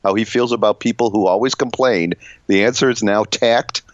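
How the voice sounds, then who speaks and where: In a dull, lo-fi, dry recording, a podcast co-host trades casual comedic banter, rambling, cutting himself off, and laughing often. His voice sits on the low side and moves at normal speed.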